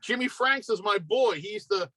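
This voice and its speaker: Middle-aged philly guy rambling on a podcast, bright voice, pretty high, dry sound. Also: normal speed, no echo. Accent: Philadelphia. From Pennsylvania, near Philadelphia. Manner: rambling, loose, lots of fillers and asides. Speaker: podcast guest. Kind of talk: casual chat.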